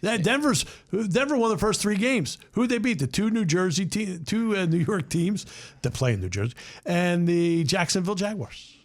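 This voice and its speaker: Betting show host, man, a bit higher voice, blunt picks, loose halting chat. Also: lively intonation. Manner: chatty, blunt, halting with fillers. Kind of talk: casual sports betting chat.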